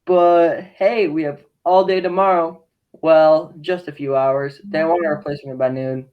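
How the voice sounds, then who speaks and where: A man playing a relaxed, scatterbrained casting assistant who talks in a casual, offhand way, over a video call. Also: fairly high pitch, unhurried, narrow, tinny audio, close to an everyday voice. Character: laid-back, scatterbrained young male casting assistant.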